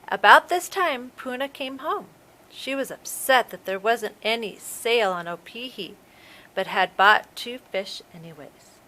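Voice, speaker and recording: A woman, a preschool teacher, reading a storybook aloud to young children in a slow, expressive way. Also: medium pitch, rough recording.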